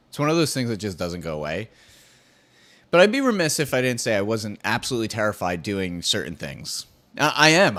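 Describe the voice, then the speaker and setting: Guy rambling on his podcast, swears a lot, voice bounces all over the place. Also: medium pitch. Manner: candid, rambling, profane, self-deprecating. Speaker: podcast host. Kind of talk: solo podcast monologue.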